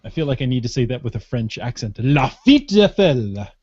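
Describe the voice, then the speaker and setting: A man's voice: medium pitch, fairly even intonation, fast talker, warm tone, husky, no room sound. A man hosting a casual podcast in a playful, joking way. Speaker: podcast host. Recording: dull lo-fi podcast audio.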